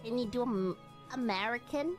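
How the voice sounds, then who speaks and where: A woman chats with her co-host on a game stream in a playful, teasing way. Her voice sits a bit high and moves around a lot in pitch, with faint music in the background. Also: lively intonation, normal speed, fairly bright tone. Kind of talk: casual chat.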